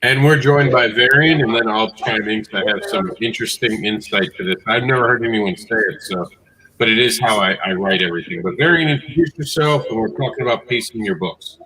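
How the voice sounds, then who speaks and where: A man hosting a comics panel, introducing guests in a brisk, direct way. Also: fairly low pitch, pushed and bright, poor audio. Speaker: panel host. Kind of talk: casual panel moderating.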